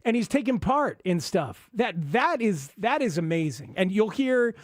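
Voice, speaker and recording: Male radio host, high voice, dry studio sound, excitable. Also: normal speed, no echo. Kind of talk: sports talk radio chat.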